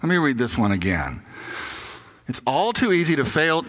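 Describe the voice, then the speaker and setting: An older man preaching in a loose, conversational way, with a bright, forward voice. He tells candid stories about himself and often slips into acting out his own inner voice. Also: mid-range voice, sing-song, normal speed. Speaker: pastor. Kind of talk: conversational sermon.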